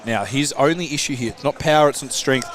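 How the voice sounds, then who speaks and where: A man's voice: mid-range voice, fairly quick. A man commenting live on a strongman lifting event in a chatty, analytical way, poking fun at his own slips. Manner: chatty, analytical, self-mocking.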